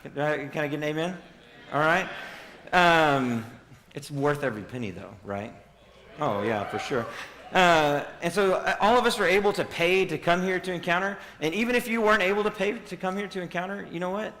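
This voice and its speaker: A man in his thirties preaching to a youth crowd in a big hall, his fairly high voice ringing with long reverb. He keeps it casual and joking, firing questions at the listeners. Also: moderate pace, a bit bright, a little hiss or hum. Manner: joking, quizzes audience. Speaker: youth speaker. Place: large hall with audience.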